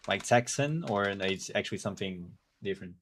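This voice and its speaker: A man whose first language is Portuguese, chatting casually and haltingly while streaming a game and thinking aloud. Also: low voice, a bit bright, slight background noise. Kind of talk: casual gameplay stream chat.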